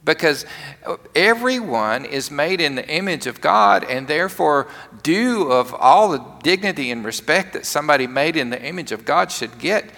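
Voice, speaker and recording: A man's voice: on the high side, animated, moderate pace, vocal fry, pushed and bright. A male pastor delivering a conversational sermon with humor, often restarting his sentences as he tells a story. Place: church sanctuary. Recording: long reverb of a large church.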